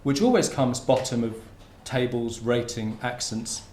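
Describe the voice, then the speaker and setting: A man's voice: mid-range voice, a little slow, darkish tone, a little hiss or hum. A man giving a conference talk in a lecture room, in an informal, conversational way. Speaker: academic speaker. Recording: roomy lecture hall with faint ambience.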